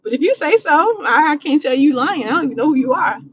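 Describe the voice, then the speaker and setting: A woman with a high voice talks casually to her livestream chat from inside a vehicle. She speaks bluntly and with energy, using plenty of slang and swearing freely. The sound is dull and lo-fi, like phone-streamed audio. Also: lively intonation, fast talker, a little hiss or hum. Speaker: livestream host answering chat. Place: in a vehicle, driving.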